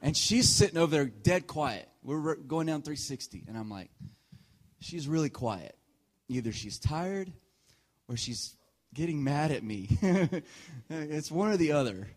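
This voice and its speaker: A man in his thirties preaching a sermon, telling a personal story with frequent laughs and sudden shifts from quiet asides to loud punchlines. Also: on the high side, a little slow. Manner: animated storyteller, often laughing mid-sentence; swings between hushed asides and loud punchlines. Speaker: pastor.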